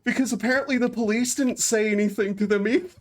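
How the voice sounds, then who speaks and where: A young man streaming a game, telling a rambling story with frequent laughs and flat acted-out quotes. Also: very high voice, quick pace. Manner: rambling, laughs often, acts out quotes flatly. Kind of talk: casual storytelling while gaming.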